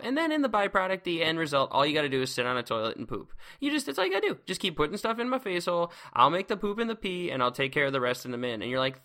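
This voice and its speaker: A man's voice: on the high side, very animated, quick pace, hardly any pauses, pushed and bright. A man hosting a casual science lecture podcast, seated at a close microphone, exuberant and playful, heaping on words like awesome. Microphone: close microphone, speaking seated.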